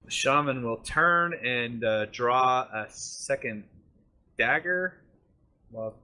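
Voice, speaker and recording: Man, game master, bright tone, halting rulings, tabletop combat narration. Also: mid-range voice, lively intonation. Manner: halting, thinks aloud while ruling.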